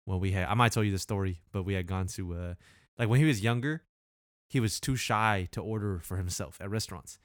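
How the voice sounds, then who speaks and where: A man's voice: low-pitched, brisk, dry recording, studio quality. A man co-hosting a podcast, telling stories in casual chat, slangy and laughing often. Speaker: podcast co-host.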